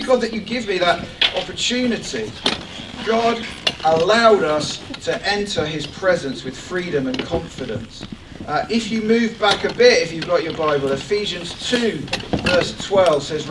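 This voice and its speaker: High-voiced animated man preaching in an echoey hall. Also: background noise. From England. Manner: animated, joking, rising excitement. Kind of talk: sermon. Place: church hall. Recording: echoey church hall from far off.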